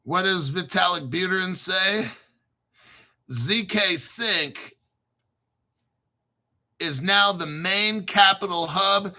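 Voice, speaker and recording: A man hosting a crypto show, talking in an excited, rambling monologue with frequent swearing, stopping to spell out names letter by letter. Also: high-pitched, slow pace, long pauses.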